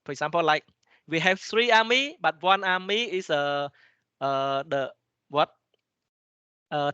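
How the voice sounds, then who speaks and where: A man with a Cambodian accent, a native Khmer speaker, lecturing in a halting way, with many restarts and frequent "okay?" checks to the class. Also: fairly high pitch, bright, forceful tone, clean tone, no echo, dull audio. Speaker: teacher. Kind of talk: lecture explaining slides, switching between English and Khmer.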